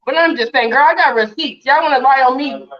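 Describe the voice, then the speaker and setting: A fairly high-voiced woman speaks over a video call, defiant and indignant. She fires off question after question at her critics. The stream audio sounds dull and muffled. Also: fairly quick. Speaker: interview guest. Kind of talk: heated livestream interview.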